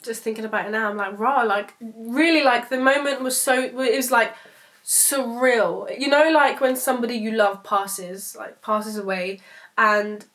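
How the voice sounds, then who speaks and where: Bright-voiced young woman vlogging. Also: a little high. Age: 20s. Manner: rambling and emotional, swears freely, many restarts. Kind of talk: casual storytelling vlog.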